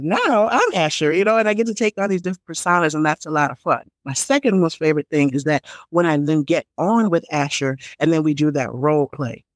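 A middle-aged woman speaking as a communications strategist in an interview, expressive and laughing often as she acts out little quotes. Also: deep voice, no room sound. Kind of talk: conversational interview.

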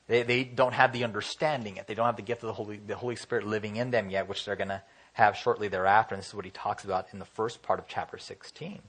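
A man's voice: mid-range voice, fairly bright tone. Casual, chatty man preaching a sermon. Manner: conversational, acts out quoted voices, many fillers.

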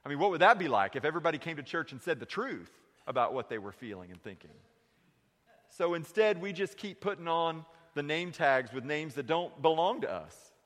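A man preaching a sermon in a church, shifting between lively questions and hushed, heavy confessions. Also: fairly quick. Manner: preaching with dramatic voice shifts, dropping low and quiet for confessions. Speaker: pastor. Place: church sanctuary. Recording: long reverb of a sanctuary.

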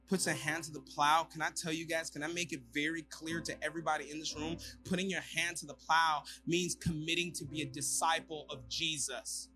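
A male pastor preaching a sermon to a congregation in a church hall, moving from quiet asides to loud, emphatic passages. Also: a little high, steady tone, brisk, hardly any pauses, soft background music.

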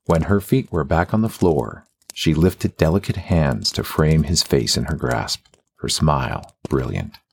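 Deep gravelly male narrator. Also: lively intonation, unhurried, a little mellow, slight background noise. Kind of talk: audiobook narration.

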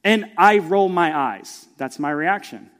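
Middle-aged preacher, fairly high-pitched, storytelling sermon, shifts from hush to loud, long hall reverb. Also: male voice, animated, unhurried, slight background noise. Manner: storytelling, acts out voices, swings from hushed to loud. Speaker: pastor.

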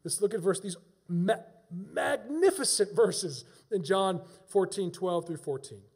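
A pastor delivering a sermon, preaching emphatically and swinging between hushed and raised passages. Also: male voice, high voice, animated, measured pace, breathy edge.

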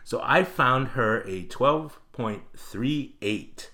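A man, a comedian, telling an animated, profane story in casual chat and acting out the people in it. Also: mid-range voice, takes it slowly. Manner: animated, profane, acts out voices in anecdotes.

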